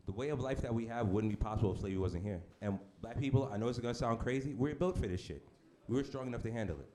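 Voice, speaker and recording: A man performing a brash stand-up comedy set on a club stage, with deadpan shock delivery and asides to the crowd. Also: medium pitch, very fast. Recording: noisy live club recording. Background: audience laughter.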